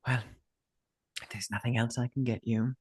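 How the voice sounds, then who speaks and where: A man's voice: mid-range voice, flat delivery, moderate pace, slightly rough, lightly acted. A man voicing an annoyed woman innkeeper who makes dry, sarcastic jabs at her guests. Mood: curt.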